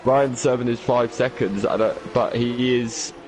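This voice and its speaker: A man commentating a sim racing league race in a chatty, animated way, arguing his point. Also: mid-range voice, unhurried, over a noisy crowd, rough recording.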